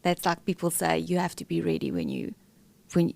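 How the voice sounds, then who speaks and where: A woman's voice: fairly low pitch, big pitch swings, moderate pace, creaky, darkish tone, no room sound. A middle-aged woman, a podcast guest, telling a candid, emotional personal story with many fillers and restarts.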